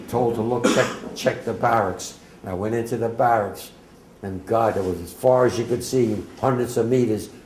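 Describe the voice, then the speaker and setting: A man's voice: medium pitch, a little mellow, slight background noise. A man, a war veteran giving emotional, vivid personal testimony to a class. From New Jersey, USA. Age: 80s. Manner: vivid, emotional storytelling with emphatic outbursts. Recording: echoey room.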